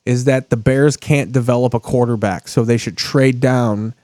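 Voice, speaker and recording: A man's voice: mid-range voice, steady tone, moderate pace, a little mellow, dry recording, clean studio sound. A man hosting a casual TV-watching chat, ranting and swearing freely. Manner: profane, ranting. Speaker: podcast host.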